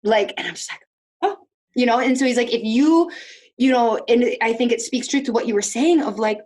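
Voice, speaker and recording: A woman hosting a podcast, talking in an animated, chatty way with lots of "like"s. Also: fairly high pitch, fairly quick. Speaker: podcast host. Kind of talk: casual conversation.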